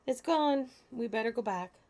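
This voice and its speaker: A woman's voice: on the high side, animated, moderate pace. A woman doing a keen young delivery boy. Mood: sad. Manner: eager, shouting encouragement.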